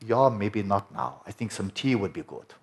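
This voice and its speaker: Genial old scientist, German accent, playful, welcoming, as a man puts him on, low-ish voice. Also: animated, moderate pace. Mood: evasive.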